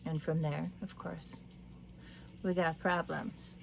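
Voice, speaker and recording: A woman in her late thirties giving a tarot reading, talking in a meandering, soft-spoken way with little laughs. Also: low-pitched, fairly even intonation, takes it slowly, vocal fry, pauses often, slight background noise. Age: late 30s. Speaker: tarot reader. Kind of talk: casual spiritual talk to camera.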